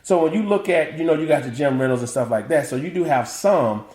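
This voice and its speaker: A man's voice: a little high, a little fast. A middle-aged man from the American South, chatting as an interview guest and acting out family quotes with frequent laughter. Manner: animated, acts out family quotes, laughs often. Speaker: guest, author and motivational speaker. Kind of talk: casual interview chat, storytelling. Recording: echoey room.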